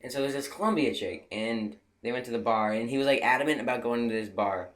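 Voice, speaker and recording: A man's voice: medium pitch, fast talker, a bit bright. A young man telling a rambling travel story in a casual way, full of restarts and fillers, laughing at his own jokes. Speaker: video creator.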